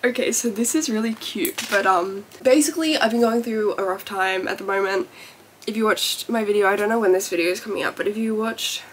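A woman's voice: mid-range voice, a little fast, a little hiss or hum. A young woman talking casually to camera at home as a vlogger, chatty and gushing with lots of fillers. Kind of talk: casual vlog chat.

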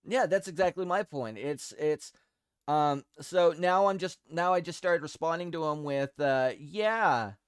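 Excitable, profane male podcast host. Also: fairly high pitch, moderate pace, clear, resonant tone, no echo, studio quality. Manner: rambling, profane, excitable, with frequent restarts. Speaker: show host. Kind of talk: casual podcast chat.

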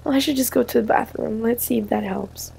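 A woman voicing a young girl in a toy-play story who feels sick on a flight and speaks softly and hesitantly. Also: on the high side, fairly quick, vocal fry, slight background noise. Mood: uneasy. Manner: soft and hesitant. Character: young girl, quietly airsick, hiding it.

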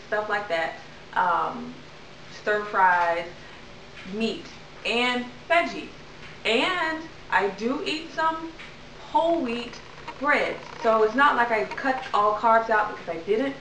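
A young woman chats to her camera in a loose, rambling way, filling gaps with ums. Her voice is bright and a touch high. The recording is roomy and echoey, with the mic a little distant and a faint hiss underneath. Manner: chatty, rambling, many ums. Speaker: vlogger. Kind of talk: casual chat to camera.

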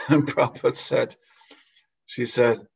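Gravelly male preacher telling stories. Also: medium pitch, flat delivery, slow pace. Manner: anecdotal, with frequent chuckles and hesitations. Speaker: lecturer giving a scripture class. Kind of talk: storytelling sermon. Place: temple hall. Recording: dull lo-fi lecture recording.

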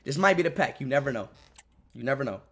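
A young man livestreaming in casual chatter, repeating himself to chat, swinging between tired mumbling and loud shouts, hungry and drained. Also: mid-range voice, animated, fast, breathy edge. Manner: repeats phrases over and over, talks to chat.

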